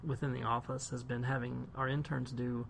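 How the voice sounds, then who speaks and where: Male podcast co-host with a gravelly, creaky tone; talks casually and slips in jokes, faint hiss underneath. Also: medium pitch, little pitch movement, a little fast, a bit bright. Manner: chatty and joking, with asides.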